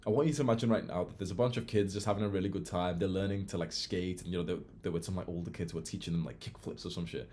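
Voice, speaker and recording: A young man giving a casual self-improvement monologue, blunt and animated, swearing freely. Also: low voice, very fast, few pauses.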